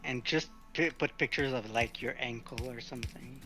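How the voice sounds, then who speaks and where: A man's voice: mid-range voice, normal speed, bright, forceful tone, soft background music. Laid-back teasing male gamer. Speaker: co-player. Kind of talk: casual chat while gaming.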